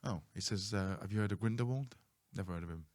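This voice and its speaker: A man's voice: on the low side, fast talker, darkish tone. A man hosting a podcast, telling a story in a chatty way, laughing and swearing casually. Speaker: podcast host.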